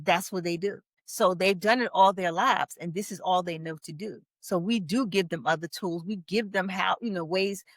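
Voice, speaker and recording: A woman's voice: medium pitch, fairly bright tone, no room sound. Earnest woman marriage coach. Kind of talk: podcast conversation.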